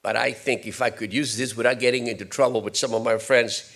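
Gravelly preacher swinging soft to loud. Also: male voice, steady tone, brisk. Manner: swings between soft, low asides and loud, high rhetorical questions. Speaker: pastor. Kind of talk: sermon.

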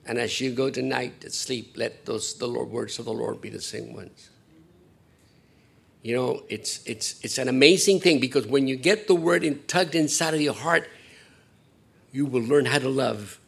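A male pastor delivers a sermon in a gravelly, husky voice. He rambles and pokes fun at himself, dropping to hushed asides before rising into loud, emphatic lines. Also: medium pitch, moderate pace. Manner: rambling, self-deprecating, swings from hushed to emphatic.

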